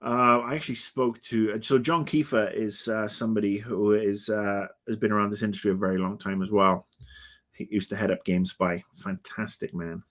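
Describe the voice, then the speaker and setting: A man's voice: lowish voice, flat delivery, moderate pace, fairly bright tone. A man in his fifties hosting a livestream, chatting in a rambling, grumpy, swearing way full of ums and uhs. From Britain. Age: 50s. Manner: rambling, grumpy and profane, with many fillers. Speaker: livestream host. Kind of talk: casual chat.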